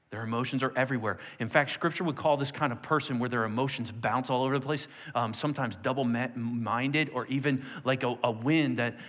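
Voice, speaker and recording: A male pastor giving an animated sermon to a nearly empty church, acting out quotes in a raised voice. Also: mid-range voice, big-room sound.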